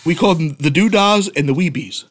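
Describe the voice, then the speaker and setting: A man co-hosting a casual podcast, telling stories with animated delivery and plenty of swearing. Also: on the high side, brisk. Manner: animated storyteller, swears freely. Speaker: podcast co-host. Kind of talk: casual chat, storytelling.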